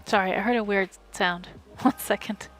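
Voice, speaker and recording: A woman streamer reading a novel aloud live from home, in steady, wry first-person narration. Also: medium pitch, normal speed, over music.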